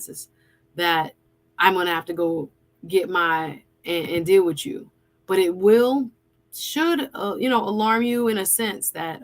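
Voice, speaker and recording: A woman hosts a casual live stream, her voice sitting on the low side. She talks conversationally with a guest and reads viewer comments aloud. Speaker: host and attorney.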